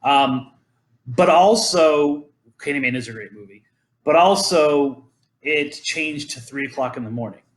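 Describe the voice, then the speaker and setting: A man's voice: a little high, unhurried. Rambling man host in a roomy space. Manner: rambling, many ums and restarts. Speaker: podcast host. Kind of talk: casual podcast chat. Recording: roomy echo.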